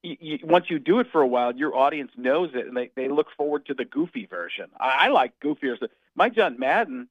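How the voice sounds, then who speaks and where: A man being interviewed as a comedian guest, talking in an animated, jokey way that slides into impressions. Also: medium pitch, a little fast, few pauses, dry recording, dull audio. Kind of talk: casual radio interview.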